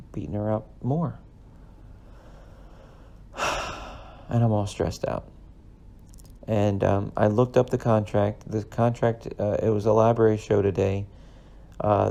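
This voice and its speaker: Guy with a low gravelly voice rambling thru a family story, earnest. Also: dark tone. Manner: rambling, earnest, emotional at times. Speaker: podcast host. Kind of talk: casual storytelling monologue.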